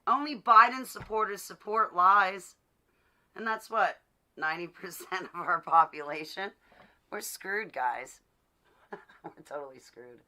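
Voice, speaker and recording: A woman's voice: mid-range voice, a little slow, long pauses. A woman talking straight to the camera in a casual rant, emphatic and indignant, laughing now and then. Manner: emphatic and indignant, swings from loud to quiet; laughs between remarks. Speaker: vlogger. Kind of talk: casual ranting monologue.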